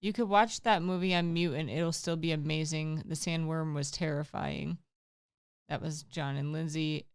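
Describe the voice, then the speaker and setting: Young woman on a livestream, real low smooth voice, dry offhand chat. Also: fairly even intonation, normal speed. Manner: offhand, dry remarks, relays viewer comments. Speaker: livestream co-host reading chat. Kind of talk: casual chat. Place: home livestream room.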